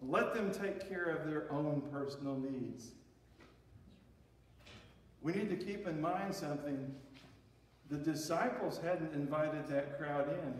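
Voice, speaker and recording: High-voiced preacher in an echoing hall. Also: male voice. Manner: preaching with emphatic rises and drops. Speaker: pastor. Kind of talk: sermon. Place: church sanctuary. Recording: echoey hall, voice from far off.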